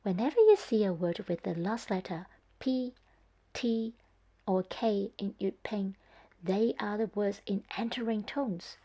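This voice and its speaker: A woman's voice: medium pitch, measured pace, warm tone. A woman narrating a scripted language lesson, speaking carefully and demonstrating tones one by one. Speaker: Cantonese teacher.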